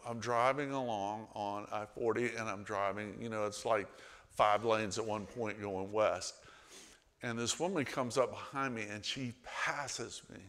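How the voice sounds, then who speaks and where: A man preaching a sermon in a conversational storytelling way, swinging between loud emphasis and hushed asides. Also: on the low side. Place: church sanctuary. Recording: long reverb of a church hall.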